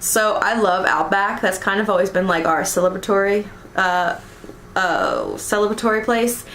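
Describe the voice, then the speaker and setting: Young american girl reading tag questions, lots of ums and likes, mid pitch, echoey room. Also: fairly bright tone, slight background noise. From United States. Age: young adult. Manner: chatty, giggly, many ums and likes. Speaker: vlogger.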